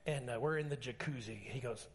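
A man pastor preaching a sermon, telling stories with acted-out dialogue and emphatic swings in pitch. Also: fairly quick, a little hiss or hum. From Alaska.

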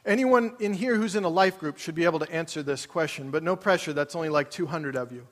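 High-voiced pastor preaching in a reverberant hall. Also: male voice, quick pace. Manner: conversational, asks the congregation questions. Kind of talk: sermon. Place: large church auditorium.

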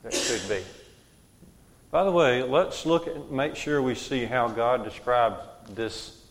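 Gravelly man leading a Bible class. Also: mid-range voice, slow. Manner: asks questions and repeats answers back. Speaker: Bible study teacher. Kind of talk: leading a group Bible study.

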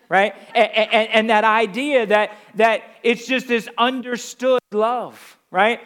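A pastor from the Northeastern US with a New Jersey accent, preaching a sermon with emphatic rhetorical questions. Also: male voice, high-pitched, fairly even intonation, slow pace, few pauses, fairly bright tone, clear, resonant tone.

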